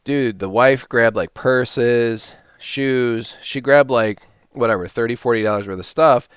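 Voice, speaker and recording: A man hosting a reseller channel, chatting casually and telling a rambling, animated story with quoted voices. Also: mid-range voice, measured pace, clear, resonant tone, dry recording. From Illinois, US. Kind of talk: casual talking-to-camera vlog.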